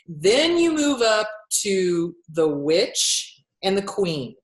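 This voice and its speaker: A woman's voice: medium pitch, big pitch swings, very slow, roomy sound. A woman therapist in casual interview talk, blunt and swearing freely, acting out quotes as she explains. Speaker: therapist and author.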